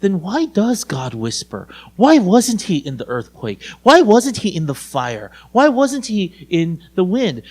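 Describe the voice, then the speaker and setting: High-voiced, unhurried male pastor. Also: very animated. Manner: conversational, addresses listeners as "you guys"; swings between raised emphasis and hushed low tones. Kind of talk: sermon.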